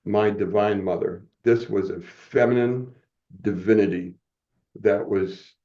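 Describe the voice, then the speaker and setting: A man as a guest giving an earnest, halting personal testimony, often moved as he speaks. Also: fairly low pitch, steady tone, mellow, muffled recording.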